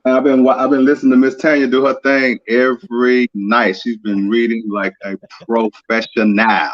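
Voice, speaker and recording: A man joining a live stream as a guest musician, talking in a relaxed, hesitant way. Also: medium pitch, moderate pace, dry recording, lo-fi sound. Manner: relaxed, hesitant, with many fillers. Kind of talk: casual live-stream chat.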